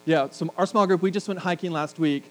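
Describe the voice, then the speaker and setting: A middle-aged pastor with a slightly high, darkish voice preaches a sermon a little fast, over poor audio with a faint mains hum. He talks to the congregation conversationally and throws in jokes.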